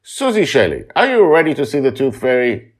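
A man voicing an excitable pirate captain father who calls out in loud, theatrical pirate style. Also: mid-range voice, a little fast, pitched above the performer's own voice. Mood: rousing. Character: booming excitable male pirate captain dad.

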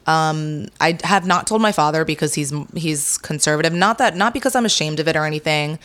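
A young adult woman speaking candidly as an interview guest, with many pauses and fillers. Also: low voice, fairly bright tone. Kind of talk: casual interview.

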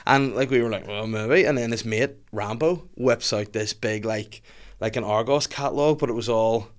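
A man's voice: medium pitch, moderate pace. Laughing man telling stories. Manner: laughs often, animated. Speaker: podcast guest. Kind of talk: casual storytelling chat.

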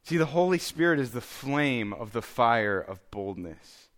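A man's voice: medium pitch, sing-song, a little slow, fairly bright tone. A man, preaching a sermon in a conversational, self-deprecating way and checking in with listeners. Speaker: pastor.

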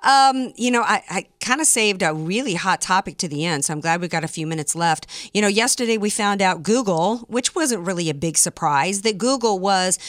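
A woman hosts a political talk radio show from a studio that also streams live online, speaking with indignant emphasis and plenty of fillers and restarts. Her voice is mid-range and a bit bright, and the recording is dry and studio-clean.

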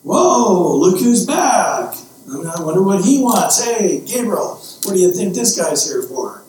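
A man's voice: sits high, very animated, unhurried, darkish tone. A man doing a weary, sarcastic God. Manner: exasperated, sighing, stammering. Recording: very echoey room, distant mic, faint hiss.

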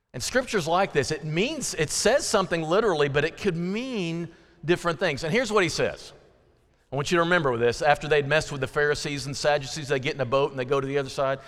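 A man preaching a conversational sermon to a congregation, lively and animated, often slipping into acted-out voices. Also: fairly high pitch. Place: church sanctuary. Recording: long reverb of a large hall.

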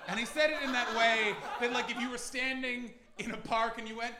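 A Canadian man doing a stand-up comedy set at a London pop-up venue, animated and sweary, with bursts of shouting. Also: extremely high pitch, a little fast, few pauses. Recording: echoey live venue, audience noise.

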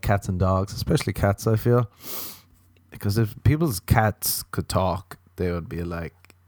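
A man's voice: low-pitched, a little mellow, no echo, clean studio sound. A man, a comedian hosting a podcast, rambling through a playful, crude, self-mocking monologue. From Ireland.

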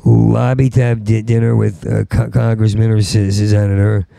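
Stuttering, ranting gravelly man. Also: lowish voice, flat delivery, normal speed, dark tone, no room sound. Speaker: stand-up comedian. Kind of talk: rambling stand-up monologue.

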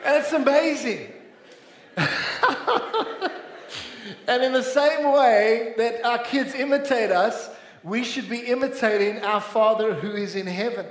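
High-voiced South African pastor preaching. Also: male voice, takes it slowly, pauses often, slight background noise. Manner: earnest preaching, calls out to the congregation. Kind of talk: sermon. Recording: echoey church hall.

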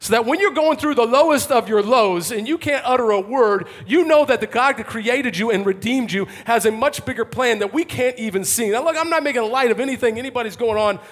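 A male pastor delivering an impassioned sermon to a congregation, swinging from fervent calls to hushed intensity. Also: very high voice, a little fast, few pauses. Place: church, before a congregation.

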